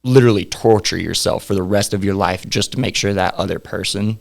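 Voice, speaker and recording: With a gravelly voice on the low side, a young man talks briskly as a guest on a podcast. This young adult keeps the interview chat laid-back and rambling, laughing frequently.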